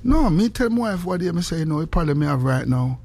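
Lively Jamaican man on morning radio. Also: fairly high pitch, fast talker. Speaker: radio host. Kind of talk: morning radio banter in patois.

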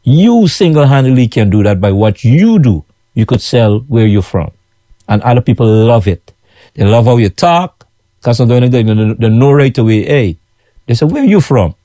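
This animated, medium-pitched voice has a dark tone and a moderate pace, with no echo and studio quality. He's a food vendor from Guyana with a Guyanese accent who runs his own kitchen, chatting repetitively to followers and frequently saying "you know what I'm saying".

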